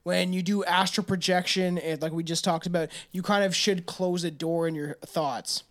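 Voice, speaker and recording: A man with a notably high voice talks in a loose, rambling way on a casual podcast. His thoughts spill out with lots of "like" and plenty of swearing. His delivery is chatty and unpolished. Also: fairly even intonation, normal speed, fairly bright tone. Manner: rambling, profane, speculative musings.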